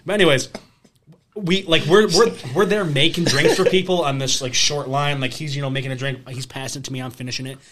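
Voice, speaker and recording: A young man from the Rochester area, co-hosting a casual podcast and telling animated stories. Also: fairly high pitch. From Rochester, New York area. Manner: animated storyteller, fast and chatty. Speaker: podcast co-host. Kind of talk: casual chat. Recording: faint background noise.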